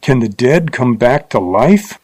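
A man's voice: medium pitch, animated, a little slow, a little mellow. A man voicing a fierce, boastful frontier gunman who talks in a blustering, derisive way. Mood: terrified. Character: Wild Bill, fierce boastful male gunman.

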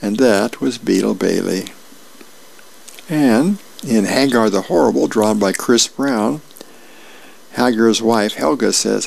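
Man reading the paper aloud, gravelly and low, friendly volunteer reader. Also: a little mellow. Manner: friendly, unhurried reading with small asides. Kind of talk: reading newspaper comics and birthdays aloud.

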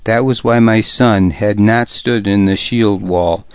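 A man narrating a historical novel in the first person, with a deliberate, gravely serious reading. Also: fairly low pitch, steady tone, no room sound, highs cut off. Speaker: audiobook narrator.

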